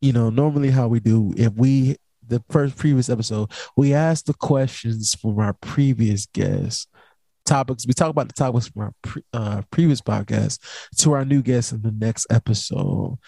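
A man's voice: mid-range voice, moderate pace, creaky, mellow, dry recording. A young man hosting a casual late-night podcast, talking in a laid-back, rambling way full of slang. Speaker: podcast host.

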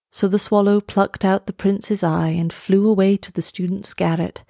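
A woman reading a fairy tale aloud, slow, lilting and expressive. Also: mid-range voice, no room sound, clean studio sound. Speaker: storyteller. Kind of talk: storybook read-aloud.

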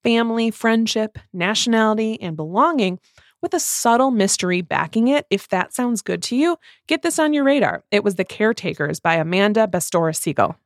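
A woman chatting casually about a book she reviews, animated and laughing often. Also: medium pitch, fairly quick, dry recording, clean studio sound. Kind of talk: casual chat.

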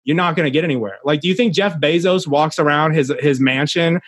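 A man's voice: on the high side, brisk, a bit bright, no room sound. A young adult man, a podcast guest, talking earnestly in a casual interview, rambling with many restarts.

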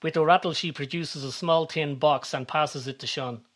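Male storyteller, slightly high voice. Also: steady tone, normal speed, a bit bright. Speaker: narrator. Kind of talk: scripted narration.

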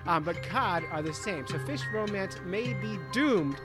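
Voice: mid-range voice, expressive, a little slow, loud music behind the voice. A podcast host who reads quirky news items aloud and adds wry jokes in a casual chat.

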